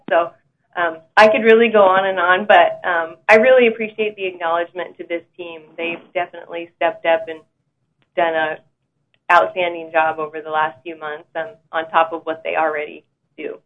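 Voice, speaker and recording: Woman manager, a bit low-pitched, measured board-meeting remarks, phone-line audio. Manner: steady, with frequent ums. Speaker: customer service manager.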